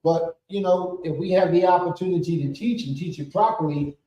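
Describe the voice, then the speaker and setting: A man giving a sermon as spiritual leader of a congregation, preacherly and rising to shouts. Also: high voice, fairly quick, few pauses. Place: temple hall. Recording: echoey room from far off.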